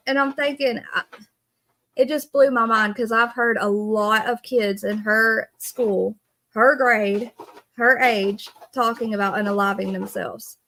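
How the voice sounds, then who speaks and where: A woman's voice: a little high, fairly even intonation, takes it slowly, fairly bright tone. Earnest woman streaming live. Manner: earnest, greets viewers by name. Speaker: livestream host. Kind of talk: casual live-stream talk.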